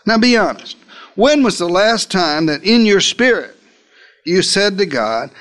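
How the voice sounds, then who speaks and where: A high-voiced man delivers a sermon with a lively, swooping pitch. He retells a scene dramatically in the first person, leaning hard into each phrase. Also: measured pace. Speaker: preacher.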